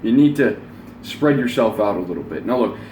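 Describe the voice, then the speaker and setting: Brisk and animated, this twenty-something man speaks in a low-ish, slightly mellow voice. A self-help vlogger, he delivers a blunt, rambling motivational monologue with free swearing. Slight background noise and a roomy echo surround his mic.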